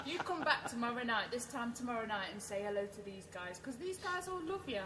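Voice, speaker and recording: High bright cheerful woman. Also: expressive, a little fast, slight background noise, poor audio. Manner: cheerful, coaxing, laughing. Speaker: studio co-host prompting the guest.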